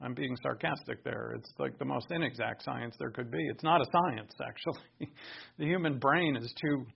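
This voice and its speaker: A male pastor preaching a sermon in an animated, conversational way, with sarcastic asides to the congregation. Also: mid-range voice, normal speed, creaky, breathy edge, muffled recording.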